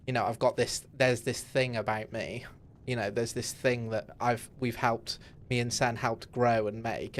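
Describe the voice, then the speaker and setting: A young man streaming a game from his home setup, talking in a candid, rambling way with many fillers and restarts. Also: mid-range voice. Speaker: gaming streamer. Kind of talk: casual live-stream chat while playing.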